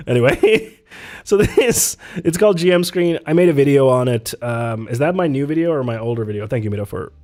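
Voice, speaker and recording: A man's voice: mid-range voice, darkish tone. A man live-streaming from his home setup, chatting casually and answering his chat, rambling and laughing often.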